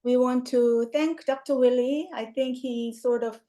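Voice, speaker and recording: A woman's voice: high-pitched, fairly even intonation, a little slow, mellow. A woman hosting a class discussion on a video call, chatty and hesitant with many fillers. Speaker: host and course teacher. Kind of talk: casual online discussion.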